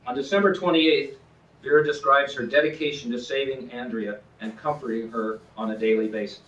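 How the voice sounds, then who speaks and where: Male author doing an earnest, measured book reading; mid-range voice, distant mic in an echoey room, muffled lo-fi recording. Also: mid-range voice, fairly bright tone. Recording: roomy, distant, dull lo-fi sound.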